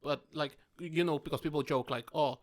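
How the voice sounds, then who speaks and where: A man from Mexico, not an English speaker, talks in a slightly high voice. He speaks casually, with hesitant restarts, and keeps calling his friend "mate.". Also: a little fast. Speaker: podcast co-host. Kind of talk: casual chat over drinks.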